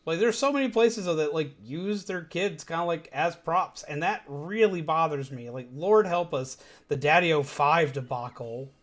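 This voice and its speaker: Streamer casting: young man, high voice, rambly, excitable. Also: moderate pace. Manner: rambling, animated, swears freely. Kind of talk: casual gaming commentary.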